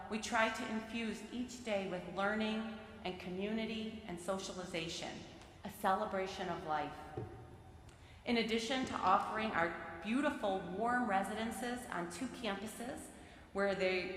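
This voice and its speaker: A woman giving a sermon from the pulpit of a large synagogue sanctuary, reading prepared remarks in a measured, earnest way. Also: medium pitch, a little hiss or hum. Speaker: lay speaker giving a sermon. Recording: very echoey sanctuary with long reverb.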